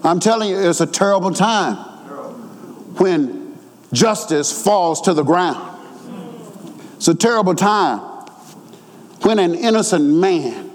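A man preaching a sermon who swings from quick asides to shouted, half-sung emphasis and repeats his words. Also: high-pitched, animated, in a large hall.

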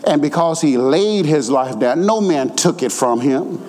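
A man preaching a sermon, swelling into near-shouted, sing-song emphasis. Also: on the high side, lively intonation, unhurried. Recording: long hall reverb.

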